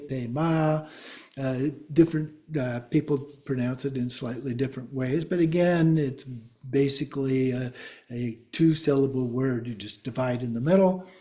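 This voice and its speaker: A man teaching a class, speaking slowly and deliberately and spelling words out letter by letter. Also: on the high side, a little mellow. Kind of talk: class lecture.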